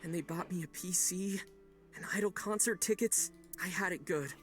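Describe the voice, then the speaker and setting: A man's voice: sits high, moderate pace, fairly bright tone, faint music behind. Ota, a guilt-ridden young man. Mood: regretful. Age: young adult. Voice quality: earnest, self-reproaching. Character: young adult male college dropout, guilt-ridden. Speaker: game character. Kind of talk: video game voice acting.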